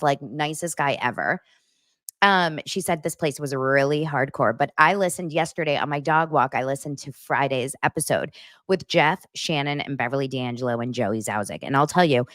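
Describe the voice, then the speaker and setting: Low-voiced woman host, gossipy casual chat, dry close sound. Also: dry recording. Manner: chatty, gossipy, laughs often. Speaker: podcast host. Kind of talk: casual pop-culture chat.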